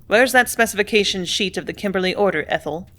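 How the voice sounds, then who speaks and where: A woman reading a story, voicing a blustering male factory superintendent who speaks loudly and brusquely. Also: mid-range voice, fast talker, close to an everyday voice. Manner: loud, brusque, bullying.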